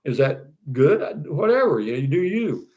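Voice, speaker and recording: His fairly high voice has a sing-song lilt and a darkish tone, and he keeps a moderate pace. The older man, Texan-accented, runs a casual live stream where he reads comments and rambles in a folksy way, frequently starting over and tossing in "you know what I mean."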